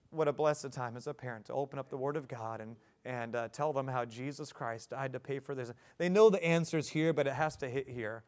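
Impassioned man preaching a sermon. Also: fairly high pitch. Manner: preaching with rising emphasis and repeated phrases. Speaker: pastor.

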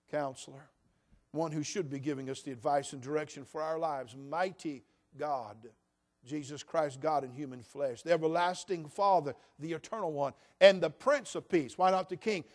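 High-voiced preacher, dramatic swings. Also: male voice. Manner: swings between soft, hushed passages and loud, emphatic declarations; slows down to stress key phrases. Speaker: pastor. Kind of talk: sermon.

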